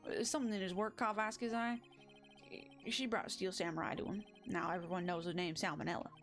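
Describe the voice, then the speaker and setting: A woman's voice: medium pitch, fairly even intonation, fairly bright tone, faint music behind, lightly acted. A woman doing a timid old stuntman with a shaky southern drawl. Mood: nervous. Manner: slow, halting southern put-on. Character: timid older male stuntman actor.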